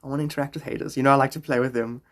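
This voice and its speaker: A man's voice: medium pitch, fairly even intonation, racing. A man chatting casually on a phone live stream, rambling and joking, often slipping into silly voices.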